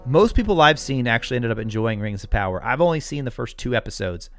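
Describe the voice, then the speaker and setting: A chatty American man hosting a live stream in an easygoing, mid-pitched voice. He answers viewers' comments one after another with a relaxed chuckle. Faint music plays underneath. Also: quick pace. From United States. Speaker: livestream host. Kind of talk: casual live-chat talk.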